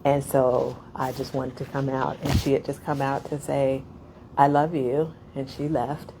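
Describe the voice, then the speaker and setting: A woman's voice: very deep voice, little pitch movement, measured pace, noisy background. A middle-aged woman, a poet, telling a long, laughing anecdote at a reading, full of asides and "like" fillers. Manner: rambling, laughing, many "like" fillers.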